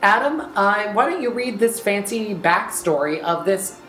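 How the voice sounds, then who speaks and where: A woman's voice: medium pitch, unhurried, reverberant, rough recording. A woman hosting a podcast in casual chat, teasing her co-hosts and making puns. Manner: animated, punning and teasing. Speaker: podcast host.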